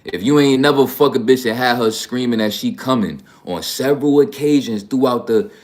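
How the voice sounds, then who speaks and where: A man's voice: mid-range voice, moderate pace. A man from New York hosting a livestream, talking bluntly and profanely in a rambling, casual way. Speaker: livestream host.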